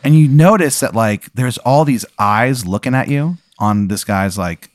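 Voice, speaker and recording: A man's voice: mid-range voice, animated, unhurried, dry recording. Dry-voiced man narrating a comedy adventure. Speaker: game master.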